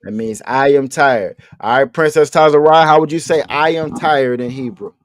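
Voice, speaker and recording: A man leads a language lesson over a video call. He speaks at an ordinary middle pitch and keeps repeating his questions patiently, with easygoing jokes for the class. The sound is dry and close, with no room around it. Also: moderate pace, no echo. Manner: patient, repeats questions, casual joking with students. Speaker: language teacher. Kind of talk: online class teaching vocabulary.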